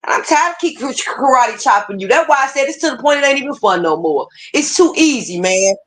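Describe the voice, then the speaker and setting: A woman's voice: high-pitched, animated, a little fast, a bit bright. A woman hosting a livestream, ranting casually with heated, profane, repetitive talk. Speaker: livestream host.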